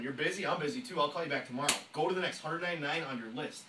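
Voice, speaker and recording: A man giving an energetic sales training talk to a room, fast and emphatic, often acting out phone calls. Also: on the high side, noisy background. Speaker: network marketing trainer. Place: meeting room with audience. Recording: echoey room, voice from a distance.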